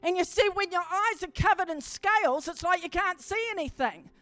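Woman, preacher, sermon, very high pitch, emphatic swells, dry sound. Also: animated, normal speed, fairly bright tone, dry recording, faint music behind.

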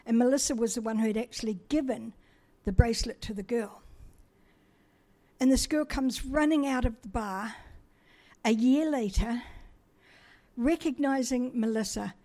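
A woman's voice: on the high side, normal speed, mellow. Chatty, self-deprecating middle-aged woman storyteller. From New Zealand. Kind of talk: personal testimony talk.

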